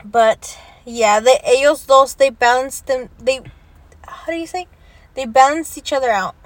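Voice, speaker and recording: A young woman with a high, bright-pitched voice chats casually, laughing often and swearing freely as she slips Spanish words into her talk. The sound is close and dry, with no room around it. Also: unhurried, dry recording. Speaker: vlogger. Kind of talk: casual chat.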